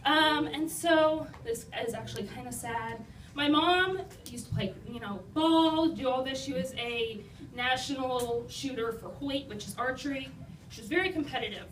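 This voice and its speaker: A woman's voice: sits high, moderate pace, fairly bright tone. A young woman telling funny stories about her own life to a live audience, self-deprecating and chatty, full of "like" and "you know.". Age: young adult. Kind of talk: humorous personal storytelling. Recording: roomy, distant mic, noisy.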